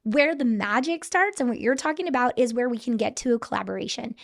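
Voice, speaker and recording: Woman headmaster, middle-aged, earnest and explanatory, a bit high-pitched. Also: fast talker, vocal fry. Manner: earnest, explanatory, repeats words when restarting. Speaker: school headmaster. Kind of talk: podcast interview.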